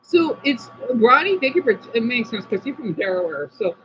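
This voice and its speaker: A man's voice: very high-pitched, very animated, moderate pace, fairly bright tone. An American man on a casual live stream, rambling in a scattered way as he reacts to his chat aloud. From United States. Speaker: livestreamer. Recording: dull lo-fi with faint hum.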